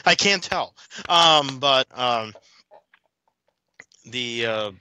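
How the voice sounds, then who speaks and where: A man's voice: medium pitch, wildly swooping pitch, very slow, background noise. A man as a podcast guest, rambling through detailed motorsport recollections with frequent restarts in casual chat.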